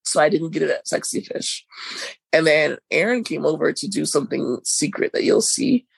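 A podcast co-host woman tells a rambling, chatty story while sick with covid. Her voice is heavily gravelly and husky, recorded close and dry with no room sound. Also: low voice, expressive, moderate pace, no room sound, rough recording. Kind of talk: casual chat.

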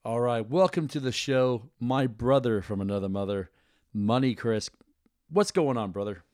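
A man's voice: mid-range voice, normal speed, darkish tone, no echo, clean studio sound. A man hosting a podcast, chatting casually with a playful, jokey manner. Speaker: podcast host. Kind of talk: casual chat.

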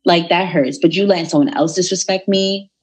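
A young woman telling a personal story in a casual, animated way, acting out the people in it. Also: fairly low pitch, brisk, slightly rough. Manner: animated, retells dialogue in voices.

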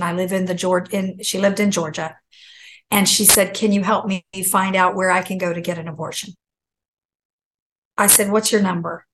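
A middle-aged woman telling a long personal story as a guest, animated and acting out the voices she quotes. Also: medium pitch, slight background noise, poor audio. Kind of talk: casual storytelling.

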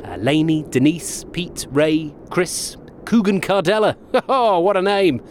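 A man's voice: sits high, measured pace, slight background noise. An actor playing a cheery, chatty male sidekick who rambles and jokes.

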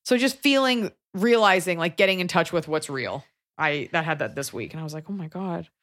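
Low-ish woman podcast host, casual, swears a lot, rants hard. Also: animated, a little fast, a bit bright. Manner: blunt, profane, ranting.

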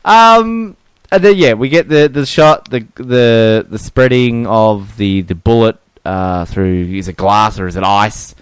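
A man co-hosting a podcast, chatting casually and jokily about films, with halting restarts. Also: fairly low pitch, smooth, dry recording. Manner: rambling, joking, halting restarts. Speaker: podcast co-host. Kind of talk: casual film chat.

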